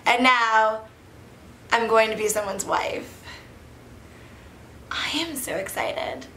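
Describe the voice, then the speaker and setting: A woman's voice: a little high, slow, pushed and bright. A woman in her twenties chatting casually to camera in a giddy, rambling way, full of "like" and laughter, as a wine review vlogger. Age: 20s. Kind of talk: casual vlog chat. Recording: echoey room with faint background noise.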